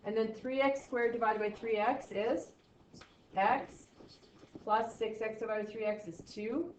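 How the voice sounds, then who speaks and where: A woman's voice: fairly high pitch, a little slow, darkish tone, a little hiss or hum. A woman teaching a math class, explaining steps aloud with playful, sarcastic asides to her students. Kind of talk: classroom lecture. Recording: echoey, distant, dull classroom audio.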